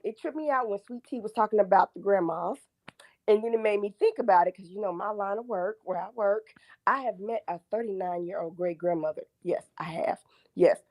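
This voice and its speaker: A woman's voice: mid-range voice, a little mellow, dry recording. A woman in her forties calling in to a live show, talking through her points one by one in a chatty, emphatic way. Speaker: caller. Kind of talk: casual phone-in chat.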